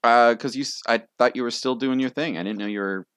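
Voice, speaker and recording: A young man narrating as game master for a tabletop game, easygoing and chatty with plenty of fillers. His voice is mid-pitched and recorded close and dry, with no room sound. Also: fast, clean tone, no room sound. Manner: laughs often, relaxed and rambling with fillers. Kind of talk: running a tabletop game online.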